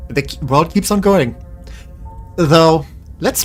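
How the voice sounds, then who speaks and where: A man's voice: on the high side, lively intonation, takes it slowly, soft background music. Tired, rambling male streamer. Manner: rambling, joking, self-deprecating, talks to chat. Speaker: streamer playing a game. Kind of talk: casual live-stream chat.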